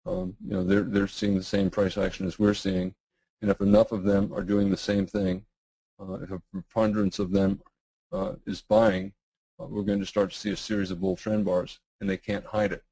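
A middle-aged man, losing his voice and clearing his throat, answering webinar questions in a halting way with many fillers and restarts. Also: low voice, level tone, warm tone, low-quality recording. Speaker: guest trading educator.

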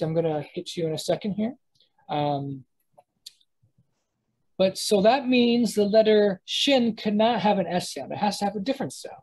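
A woman with a lowish, darkish voice teaches a live class Hebrew pronunciation, lecturing with students present. She thinks aloud as she sounds out words, restarting and correcting herself often. The recording quality is low.

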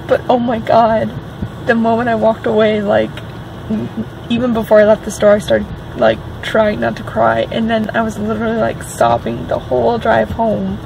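A woman vlogging from a parked car, talking in a rambling, excitable way full of filler words. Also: fairly high pitch, normal speed, gravelly, muffled recording. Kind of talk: casual chatty vlog. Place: parked car outside a store. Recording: car and air-conditioning noise.

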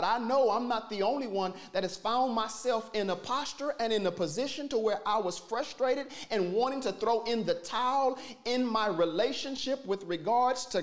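A pastor delivering a sermon, preaching emphatically with repeated phrases and rising and falling loudness. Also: mid-range voice.

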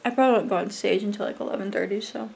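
A woman's voice: medium pitch, steady tone, racing, creaky, a little mellow. A woman vlogging casually to camera about her competition day, rambling with lots of fillers. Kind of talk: casual vlog talk to camera. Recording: noisy background.

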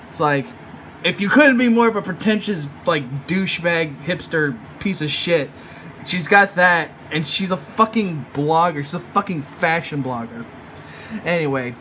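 A man ranting through a comic review in a casual, sneering way, swearing constantly and stumbling over his fillers. His voice sits a touch high, with a bright, sharp edge. He sounds like he's chatting straight to his viewers. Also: a little hiss or hum. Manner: profane, sneering, rambling with many fillers.

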